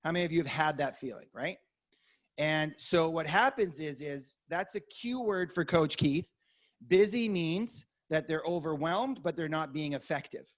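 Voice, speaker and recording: Energetic male coach, fairly high voice. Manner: energetic, acts out dialogue examples. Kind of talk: coaching workshop lesson.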